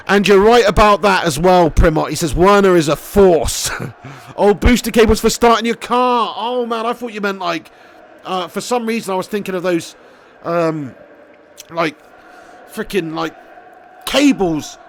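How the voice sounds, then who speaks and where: A high-voiced, excitable man streams a football career mode, giving live commentary and reading chat. He swears freely and shouts when goals go in.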